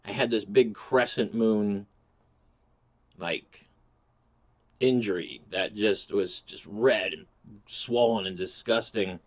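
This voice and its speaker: A man's voice: on the low side, slow, pauses often. A man hosting his own channel, telling a crude, rambling comic story full of swearing. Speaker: host. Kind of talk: casual comedic storytelling.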